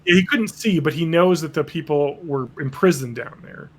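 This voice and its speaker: A man's voice: a little high, animated, moderate pace. A man casually chatting as a podcast host, rambling with crude jokes and acting out quotes. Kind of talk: casual chat recapping a cartoon episode.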